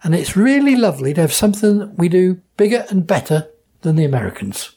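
A man's voice: high voice, sing-song, fast, dark tone, husky. A man from Norfolk with a Norfolk accent, explaining dialect words in an enthusiastic, explanatory way during an interview. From Norfolk, England. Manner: enthusiastic, explanatory, playful with pronunciations. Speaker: dialect society member. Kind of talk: interview answers.

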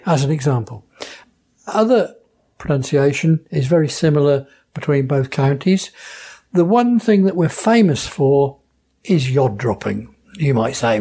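Mellow husky man with a Norfolk accent. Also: a little high, animated, normal speed. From Norfolk, England. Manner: enthusiastic, explanatory, playful with pronunciations. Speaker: dialect society member. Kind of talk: interview answers.

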